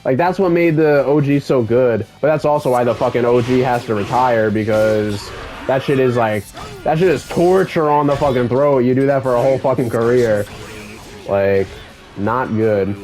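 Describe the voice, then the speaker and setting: A young man giving casual gameplay commentary, excitable and swearing freely as an enthusiastic fan. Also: medium pitch, normal speed, soft background music. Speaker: gaming YouTuber.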